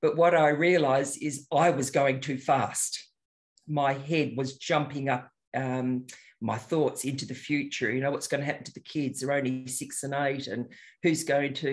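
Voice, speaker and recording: An older man, a meditation teacher, talking in a gentle, unhurried, reflective way as he introduces a guided meditation. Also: medium pitch.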